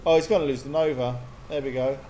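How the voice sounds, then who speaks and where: A man giving chatty, excitable live commentary on a strategy game match, often laughing. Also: medium pitch, fast, faint music behind. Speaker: game caster.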